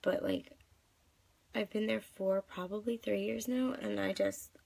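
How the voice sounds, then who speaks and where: Tearful gravelly woman in her twenties. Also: medium pitch, steady tone, unhurried, darkish tone, no echo. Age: 20s. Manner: upset, rambling, many fillers. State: crying. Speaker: vlogger. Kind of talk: live video venting.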